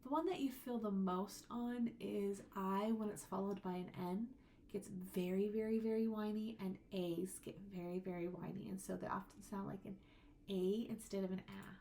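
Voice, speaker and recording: A woman's voice: medium pitch, steady tone, normal speed, dark tone, a little hiss or hum. Woman demonstrating phonics sounds. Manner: explanatory, demonstrating sounds by stretching words. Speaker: teacher. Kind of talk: recorded lecture on phonics.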